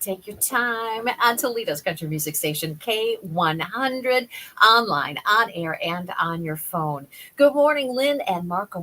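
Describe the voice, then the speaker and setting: A woman hosting a morning radio show, brisk and cheerful as she takes calls. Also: medium pitch, a bit bright. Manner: brisk and cheerful, quick call answering. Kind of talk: upbeat radio banter. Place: radio studio.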